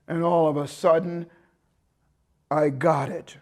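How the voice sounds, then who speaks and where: A man teaching a motivational seminar, telling a story with lively acted-out dialogue and swings between loud bursts and hushed, calm passages. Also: a little high, slow pace. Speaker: motivational coach.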